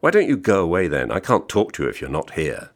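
A man reading aloud voices a blunt, insistent American traveller, curt and persistent, with a deep, husky, creaky voice. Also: very animated, normal speed, heavily acted. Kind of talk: audiobook reading.

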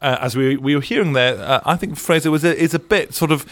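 A man's voice: fairly high pitch, fast, fairly bright tone, no echo. A man hosting a casual panel podcast, talking with many hesitant restarts. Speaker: podcast host.

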